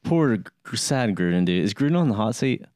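Low smooth dude co-hosting a sports podcast, jokey and rambly, dead dry sound. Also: male voice, big pitch swings, brisk, a little mellow, no echo. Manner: joking, rambling with many fillers. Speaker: podcast co-host. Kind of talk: casual sports chat.

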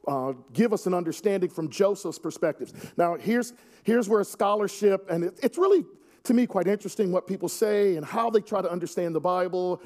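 Man, pastor, sermon, high-pitched voice, earnest, wry asides. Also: a little mellow.

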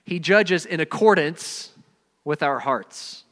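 A man preaching a sermon, earnest and emphatic, rising to loud stresses and dropping low and quiet. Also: animated, slow pace, long reverb tail. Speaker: pastor.

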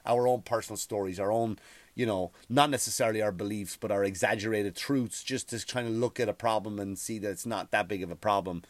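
A man's voice: lowish voice, fairly even intonation, brisk, no room sound. A man who is a comedian, talking in a profane, rambling podcast monologue and acting out other people's voices.

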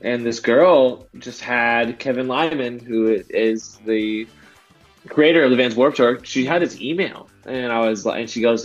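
A man in his thirties from Southern California, a guest DJ telling a story in casual chat, animated and slangy, acting out what he once said. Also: mid-range voice, unhurried. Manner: animated, slangy, acts out his own past lines. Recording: dull lo-fi podcast audio with faint music.

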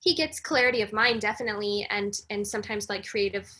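A woman guest on a casual podcast chat, telling a personal story in an animated way and acting out the lines of others. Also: medium pitch, fast talker, slightly rough. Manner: animated storyteller, acts out quoted dialogue. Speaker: podcast guest, breathwork facilitator.

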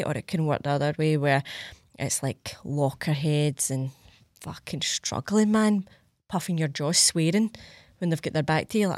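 A woman's voice: fairly low pitch, steady tone, measured pace, a little mellow, dry recording, studio quality. A young Scottish woman hosting a podcast, chatting casually, swearing freely and acting out little scenes. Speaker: podcast host. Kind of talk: casual solo podcast chat.

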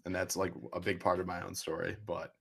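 A young man in his twenties hosting a podcast, talking in a relaxed, casual way with frequent fillers. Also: low-pitched, fairly quick, vocal fry, breathy edge. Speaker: podcast host. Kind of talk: podcast conversation.

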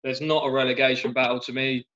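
A man's voice: mid-range voice, flat delivery, fast, pushed and bright. A man chatting casually on a football podcast, laid-back, sweary and self-mocking. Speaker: podcast guest, football fan. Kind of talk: casual chat. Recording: slightly dull lo-fi sound.

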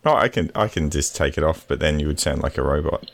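A man's voice: very deep voice, fast talker, vocal fry. A man co-hosting a casual podcast, rambling and hesitant, chuckling as he goes. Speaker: podcast co-host.

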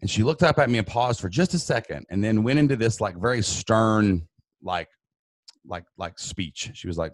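A man with a somewhat low voice tells a personal story as an interview guest, earnest and emphatic. He acts out the voices of the people in it. The sound is dry and close, with little room. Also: moderate pace, dry recording. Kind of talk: emotional first-person storytelling.

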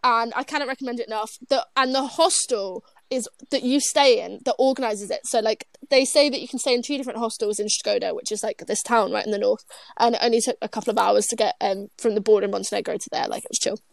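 Young British woman, twenties, high bright chatter, laughs a lot, trips over her own sentences; dry close recording. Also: fast, vocal fry, no echo. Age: 20s. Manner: bubbly, rambling, laughs often, self-interrupting. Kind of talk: casual chat.

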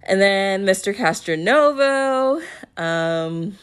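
A woman's voice: mid-range voice, slow, smooth. A young woman recapping a reality dating show in a casual chat, laughing often and acting out what the people said. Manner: laughs often, quotes people in animated voices.

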